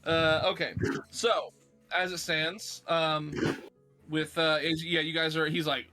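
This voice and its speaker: A man's voice: on the high side, little pitch movement, takes it slowly, sharp tone, soft background music. A man narrating a tabletop game as game master, rambling with fillers and restarts.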